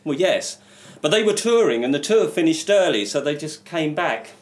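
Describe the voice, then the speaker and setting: A man's voice: a little high, big pitch swings, normal speed, a little hiss or hum. A man from Dorset chatting casually in a group, with dry, teasing quips.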